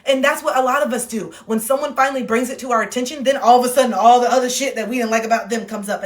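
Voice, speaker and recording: A woman's voice: on the high side, very fast, hardly any pauses. Blunt, profane woman talking on a livestream. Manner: blunt and profane, acts out quoted voices. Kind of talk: casual candid monologue. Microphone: phone mic.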